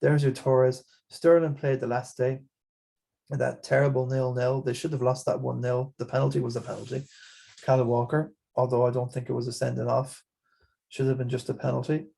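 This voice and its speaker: A man's voice: medium pitch, little pitch movement, normal speed, creaky, warm tone. A man with an Irish accent hosting a casual fantasy football chat, rambling along with frequent restarts and repeated words. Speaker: podcast host.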